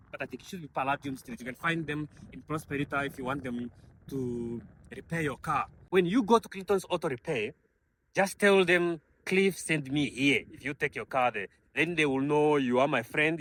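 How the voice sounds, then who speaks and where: A man giving an enthusiastic car walkaround review, pointing out features with frequent fillers and calling his viewers ladies and gentlemen. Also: fairly high pitch, a little fast, slight background noise.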